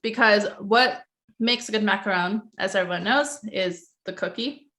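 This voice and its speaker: Tasting food on a relaxed livestream, a woman hosting the show chats and gushes, sprinkling in plenty of "um" and "like." Her mid-range voice has a sharp tone, and she keeps a moderate pace.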